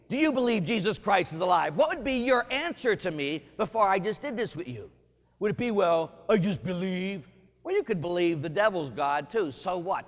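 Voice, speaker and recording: A Catholic priest giving an Easter sermon, swinging from hushed, intimate questions to shouted bursts of joy. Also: male voice, sits high. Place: church. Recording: church hall reverb.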